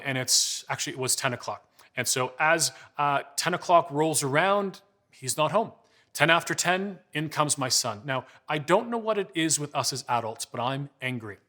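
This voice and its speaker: A man's voice: fairly high pitch, sharp tone. A man in his forties giving a parenting talk with slides, telling conversational stories and acting out dialogue. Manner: storytelling, conversational, acts out dialogue. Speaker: parenting speaker. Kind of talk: presentation with slides.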